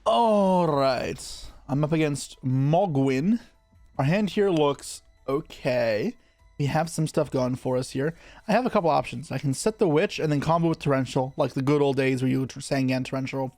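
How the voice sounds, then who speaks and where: A man giving live commentary on his card game, thinking aloud in quick, muttered asides as he plays. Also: fairly high pitch, a little mellow, no room sound, soft background music.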